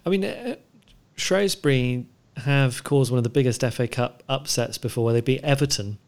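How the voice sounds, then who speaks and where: A man's voice: mid-range voice, normal speed. A man co-hosting a casual podcast over a laptop video call, with dry, teasing humor. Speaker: podcast co-host. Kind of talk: casual chat.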